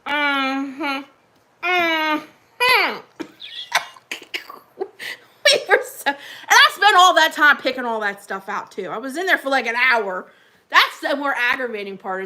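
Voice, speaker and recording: Bright-voiced chatty woman. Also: sits high. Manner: chatty, rambling, laughs often. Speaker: livestream host. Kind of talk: casual livestream chat with viewers.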